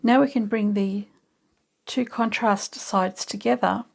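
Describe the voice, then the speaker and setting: Gravelly-voiced woman hosting a sewing tutorial. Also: mid-range voice, steady tone, measured pace. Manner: chatty, thinking aloud step by step. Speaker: sewing channel host.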